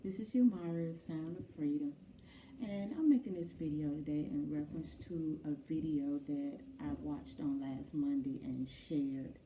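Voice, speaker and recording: A woman's voice: low-pitched, normal speed, mellow, dull audio, slight background noise. A woman vlogger earnestly retelling a story to her viewers with frequent fillers. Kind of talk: casual talk to camera. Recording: echoey room, from far off.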